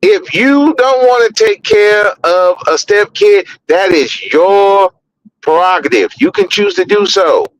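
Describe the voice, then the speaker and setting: Blunt high-voiced man ranting on a podcast. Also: lively intonation, measured pace, low-quality recording. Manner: blunt, profane, repeats words when heated. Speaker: podcast host. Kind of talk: opinionated podcast commentary.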